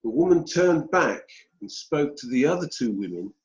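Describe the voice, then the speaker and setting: A British man telling a personal story as an interview guest, slow and deliberate with pauses. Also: on the high side, very animated. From United Kingdom. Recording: dull roomy sound.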